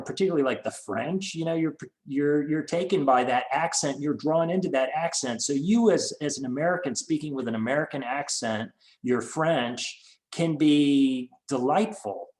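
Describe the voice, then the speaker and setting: A man's voice: on the high side, poor audio. Man on a video call, professor type, lots of ums and restarts. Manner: hesitant, many fillers and restarts. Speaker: French professor. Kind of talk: webinar talk.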